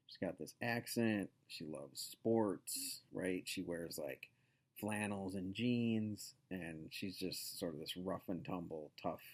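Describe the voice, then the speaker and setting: A man with a notably low voice, talking slowly and loosely as he hosts a casual show. He wanders through his points with plenty of fillers and asides, and keeps circling back to them. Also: darkish tone. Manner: rambling, many fillers and asides. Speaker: podcast host.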